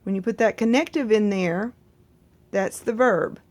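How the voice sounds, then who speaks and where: A woman's voice: medium pitch, unhurried, darkish tone. A woman teaching a language lesson, patiently explaining sentence patterns and translating each word. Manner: patient, reassuring, repeats words and translates them.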